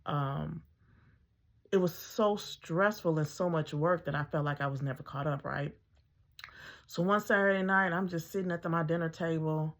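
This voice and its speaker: A middle-aged mother with a low voice and vocal fry tells her own story casually and conversationally. She uses lots of ums and acts out her own thoughts.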